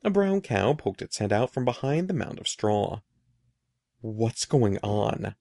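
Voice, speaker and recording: A man reading a children's story aloud in an expressive, animated way. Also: medium pitch, moderate pace, no room sound, clean studio sound. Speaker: narrator.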